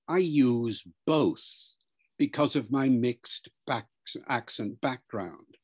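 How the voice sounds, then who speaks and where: A man's voice: medium pitch, a little mellow, slightly rough, no room sound. An older man with a mixed British accent, Welsh and Liverpool sounds blended with RP, explains patiently like a lecturer. He sounds out example words as he goes, in a dry, close recording. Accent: mixed British, Welsh and Liverpool with some RP. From Wales. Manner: measured, lecturing, demonstrates sounds aloud. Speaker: professor. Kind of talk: interview answers, explaining accents.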